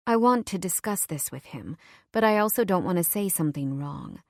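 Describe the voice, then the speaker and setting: A woman narrating a first-person romance audiobook in a soft, intimate, measured voice on a close mic. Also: on the low side, expressive, creaky, dry recording.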